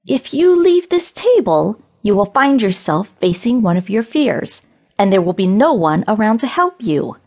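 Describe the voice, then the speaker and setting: A woman voicing a sly, cruel witch who speaks slowly, in a menacing, mock-gentle way. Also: fairly high pitch, wildly swooping pitch, slightly rough, voice pushed up, exaggerated voice.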